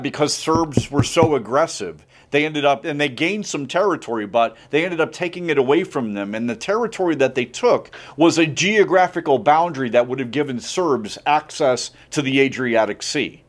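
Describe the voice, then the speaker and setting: Brief: casual male history teacher, mid-pitch, chatty and jokey, peppers a lecture with asides.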